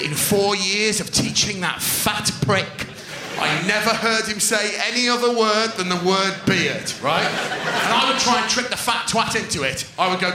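A middle-aged man telling stand-up stories, sweary and animated, often laughing. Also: sits high, moderate pace, hardly any pauses, roomy sound, very noisy. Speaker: stand-up comedian. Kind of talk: stand-up storytelling.

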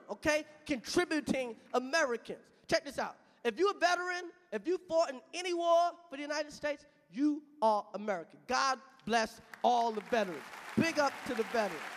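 High-voiced profane stand-up comic man. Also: a little hiss or hum. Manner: profane, animated, shouts punchlines. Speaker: stand-up comedian. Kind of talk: live stand-up routine. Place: stage in a large hall. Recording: live venue with reverb and audience.

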